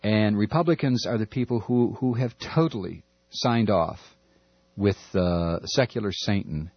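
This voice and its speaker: A man's voice: on the low side, a little slow, breathy edge, dry recording. A man delivering an impassioned, stammering, sarcastic political rant as a talk radio host. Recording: dull lo-fi recording.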